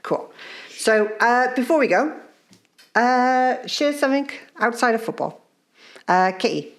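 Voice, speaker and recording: A woman's voice: fairly high pitch, animated, a little slow. A woman hosting a casual video-call chat, leading the talk with a teasing edge. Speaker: podcast host.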